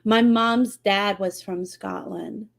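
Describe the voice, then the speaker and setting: A woman's voice: medium pitch, steady tone, slow, gravelly, a crowd in the background. A woman from New York with a New York accent, hosting a casual podcast chat and laughing often. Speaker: podcast host.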